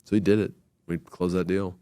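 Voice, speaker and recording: Male host, very low voice, dry close sound, animated slangy storyteller. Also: brisk, no echo. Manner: animated, slangy anecdotes with acted quotes. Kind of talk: casual interview storytelling.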